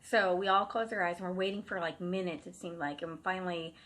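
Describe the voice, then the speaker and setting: Husky-voiced woman telling a ghost story. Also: lowish voice, steady tone, brisk, a bit bright. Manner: rambling and chatty, with frequent "like" fillers and restarts. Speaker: psychic medium telling a true story. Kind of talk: casual first-person storytelling.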